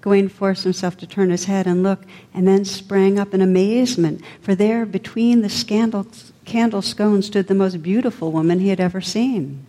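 Woman storyteller, measured expressive reading, dark mellow tone, long hall reverb. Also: mid-range voice. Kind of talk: storybook narration.

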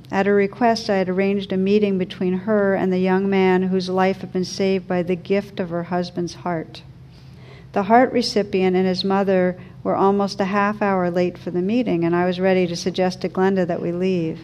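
Woman, reflective spiritual talk, gentle and unhurried, relaxed low-key tone, faint background hiss. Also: highs cut off. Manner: slow, gentle, thoughtful delivery. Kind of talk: reflective talk with a story read aloud.

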